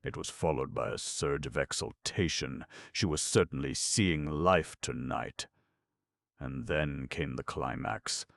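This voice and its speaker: Very deep, gravelly male narrator. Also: a little slow, a bit bright, no echo, studio quality. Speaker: audiobook narrator. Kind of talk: scripted narration.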